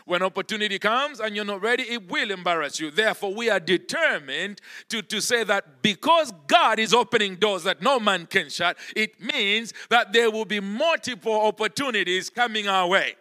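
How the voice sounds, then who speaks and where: A man's voice: high voice, animated, moderate pace, few pauses, sharp tone. A male pastor preaching a church sermon, emphatic and driving his points home by repeating key words. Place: church service.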